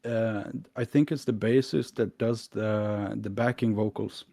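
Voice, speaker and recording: A man chatting on a podcast in a measured, hesitant way, with plenty of fillers. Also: lowish voice, steady tone, warm tone, dry recording. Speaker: podcast co-host. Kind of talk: casual chat.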